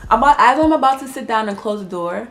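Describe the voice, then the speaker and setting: A woman telling a personal story in a casual vlog, animated, laughing often and swearing freely. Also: a little high, fast talker, soft background music.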